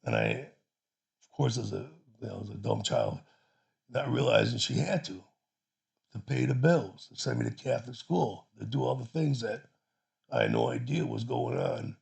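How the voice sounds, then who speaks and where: A man's voice: mid-range voice, wildly swooping pitch, normal speed, creaky, a little mellow, breathy edge. A man from Chicago casually telling a personal story, rambling and profane with many restarts. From Chicago, USA.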